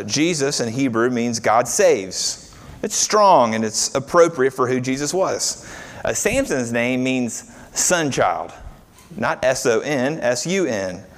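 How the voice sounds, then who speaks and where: Male pastor, mid pitch, chatty preaching style that leans on questions to the congregation. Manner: conversational preaching with rhetorical questions. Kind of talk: sermon.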